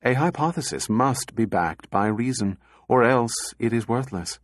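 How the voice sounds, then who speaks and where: A man voicing a calm, logical male robot who speaks quietly and evenly. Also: medium pitch, dry recording, studio quality. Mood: placid. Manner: quiet, placid, measured.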